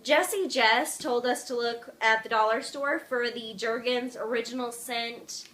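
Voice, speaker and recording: A woman's voice: a little high, steady tone, measured pace, a bit bright. A young woman talking casually and emphatically in a home vlog, often saying "like". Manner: bubbly, emphatic, says "like" a lot. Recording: faint background noise.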